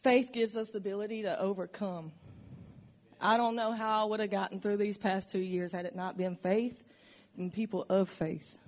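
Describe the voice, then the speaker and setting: A woman's voice: medium pitch, darkish tone. A woman giving a personal testimony in a church, speaking earnestly and reflectively about her faith and struggles. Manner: earnest, emotional, reflective storytelling. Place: church sanctuary.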